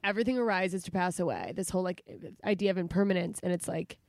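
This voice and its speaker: A woman hosting a podcast, trading quick, crude jokes in casual chat. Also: on the low side, a little mellow, no echo, clean studio sound. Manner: quick, joking, crude banter. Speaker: podcast host.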